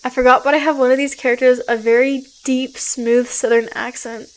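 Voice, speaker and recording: A woman streaming a story game, reading it aloud and reacting excitedly, often gasping and laughing at what she sees. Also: sits high, brisk, low-quality recording.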